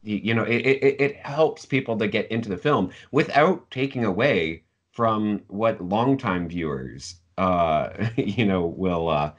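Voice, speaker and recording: A man in a casual film review conversation, feeling his way through each point. He stumbles and repeats words often, his voice sitting fairly low. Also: a little slow, hardly any pauses, lo-fi sound. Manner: hesitant, stumbling, laughs between words. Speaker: film review podcast co-host.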